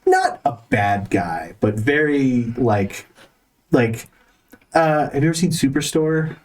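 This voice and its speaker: Lively rambling game master. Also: male voice, medium pitch, takes it slowly, distant mic. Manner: loose, rambling, laughs often. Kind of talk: narrating a tabletop game.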